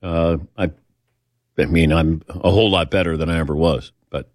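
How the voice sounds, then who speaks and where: A low, steady voice at normal speed comes from an older male host sharing personal stories in casual, chatty fashion. He makes fun of himself and acts out quoted voices. Studio quality, no echo.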